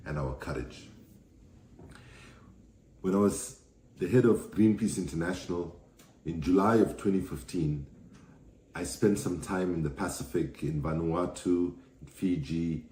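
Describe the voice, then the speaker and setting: A middle-aged man from South Africa giving an earnest, measured keynote address by video, with deliberate pauses. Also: sits low, mellow. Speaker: keynote speaker, activist. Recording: roomy echo.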